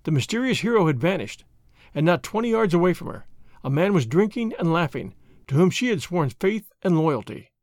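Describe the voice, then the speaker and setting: Male audiobook narrator, slightly high voice, lively intonation, dry close-miked read. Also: fairly quick, dry recording. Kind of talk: scripted narration of a classic novel.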